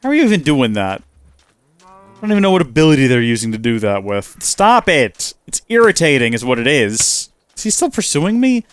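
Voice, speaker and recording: Lively man narrating his gameplay. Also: medium pitch, brisk, clean tone, no echo. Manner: animated, exclaims and talks to himself while playing. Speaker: gaming channel host. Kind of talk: let's play commentary.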